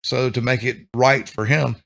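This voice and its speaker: Brief: gravelly vet guy, medium pitch, blunt and laid-back, swapping deployment stories. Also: steady tone, moderate pace, fairly bright tone. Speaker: military veteran. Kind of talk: casual podcast chat.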